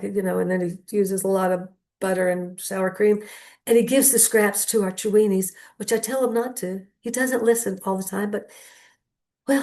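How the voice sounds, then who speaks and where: Brief: older woman comic, wry rambling storyteller, mid-pitched voice. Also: creaky, darkish tone. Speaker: comedian. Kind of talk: stand-up storytelling.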